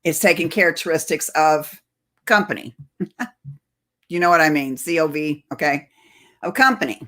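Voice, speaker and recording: Rambling woman channel host, lowish voice, chatty and loose, laughs a lot. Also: moderate pace, fairly bright tone. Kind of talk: casual commentary to viewers.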